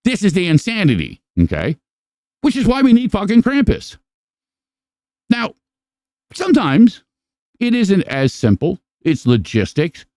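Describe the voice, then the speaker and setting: A man hosting a podcast in casual chat, rambling and profane, with animated storytelling. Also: sits high, measured pace, long pauses, dry recording. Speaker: podcast host.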